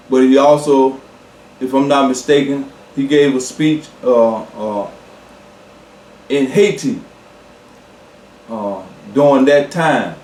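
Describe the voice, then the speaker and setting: A man preaching a sermon, slow and emphatic, repeating key words and pausing with fillers. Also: medium pitch, warm tone, echoey room, distant mic.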